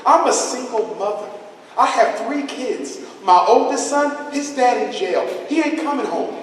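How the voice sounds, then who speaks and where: A man's voice: extremely high pitch, expressive, a little slow, slight background noise. A man voicing a young single mother pleading earnestly with a teacher, heard in an echoey hall from a distance. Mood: explaining. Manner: earnest, begging. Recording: echoey hall, mic far off.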